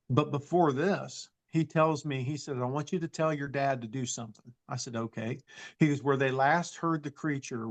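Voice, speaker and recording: A man telling a personal story in a casual, halting way, full of restarts and "he goes", plainspoken and folksy. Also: mid-range voice. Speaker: storyteller recounting an encounter.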